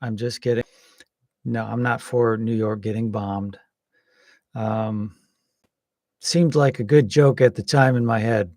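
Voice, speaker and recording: A man giving casual, rambling political commentary, hesitant with many pauses and some wry jokes. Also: on the low side, fairly even intonation, a little mellow, no room sound, clean studio sound. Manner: wry and joking.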